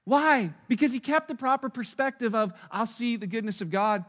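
A man preaches in a high, bright voice, his words ringing with the long reverb of a church hall. He is animated and acts out the voices he quotes, going from loud bursts down to near quiet. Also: moderate pace. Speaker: pastor. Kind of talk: sermon.

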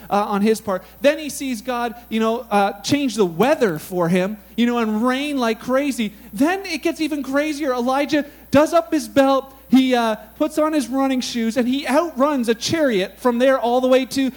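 A man preaching a sermon in a casual, animated, conversational way, telling Bible stories with lots of "like" and "you know". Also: very high voice. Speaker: pastor.

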